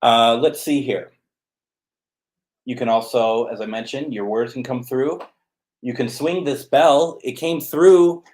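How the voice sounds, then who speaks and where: A man's voice: medium pitch, a little slow, darkish tone. A man hosting a live spirit box session, chatting casually while calling out to spirits and talking to his cat. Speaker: host.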